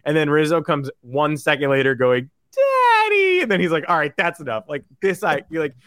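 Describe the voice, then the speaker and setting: A man co-hosting a sports podcast in casual chat, telling stories in an animated way and acting out what others said. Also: fairly high pitch, fairly quick, no room sound, studio quality. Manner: animated storyteller who acts out quotes.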